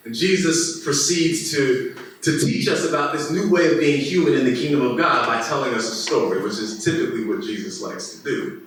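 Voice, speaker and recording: A man's voice: medium pitch, fairly bright tone. A man preaching a sermon as a pastor, retelling scripture as a casual modern-day story. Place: church hall. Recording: very echoey room, distant mic, faint noise.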